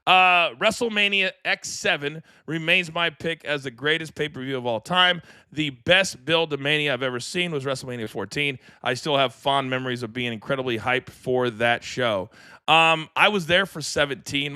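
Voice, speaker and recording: A middle-aged man co-hosting a podcast, chatting casually and telling lively anecdotes. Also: medium pitch, smooth, dry recording, clean studio sound. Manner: animated, acts out voices in anecdotes. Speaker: podcast co-host. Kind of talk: casual storytelling chat.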